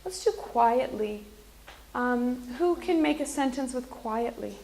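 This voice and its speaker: Teacher, woman, slow and clear, higher voice, echoey classroom with faint noise. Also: expressive, a little mellow. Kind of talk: classroom English lesson.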